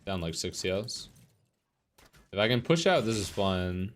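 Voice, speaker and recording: A man's voice: sits low, lively intonation, a little slow, slight background noise. Young man, game streamer, live commentary, swearing, frustrated rant. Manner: frustrated, swearing, ranting about teammates. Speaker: streamer playing a competitive online game.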